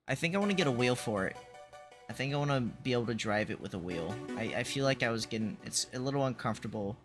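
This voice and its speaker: Rambling male streamer over loud music. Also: medium pitch, animated, fast talker. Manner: rambling, thinks aloud, self-corrects. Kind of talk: casual gaming stream chat.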